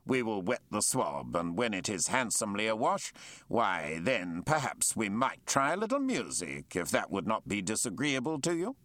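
A man's voice: on the low side, sing-song, moderate pace, fairly bright tone, no echo. A man voicing a genial male naval captain with hearty, old-fashioned courtesy.

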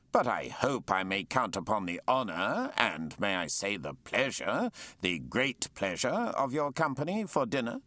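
A man's voice: on the low side, bright, forceful tone, no room sound. A man playing a bluff, hearty sea captain. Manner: bluff, hearty, old-fashioned courtesy. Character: hearty male naval captain, genial and bluff.

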